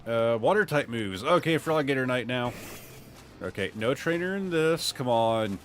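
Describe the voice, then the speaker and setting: A man from Ohio streaming a game, chatting casually with a voice that jumps up and down and bursts out when things go his way. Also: normal speed. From Ohio, USA. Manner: lively pitch that jumps up and down, excitable outbursts. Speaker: gaming streamer. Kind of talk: casual gameplay commentary.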